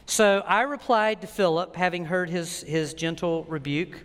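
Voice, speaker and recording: A man preaching a sermon as pastor, telling stories in a joking, animated way. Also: high-pitched, measured pace, big-room sound. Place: church sanctuary.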